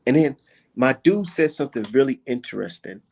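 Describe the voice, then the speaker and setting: Male vlogger with a gravelly voice, swearing and mocking, with an animated delivery. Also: mid-range voice, fairly quick. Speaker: vlogger reacting to boxing clips. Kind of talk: profane casual reaction commentary.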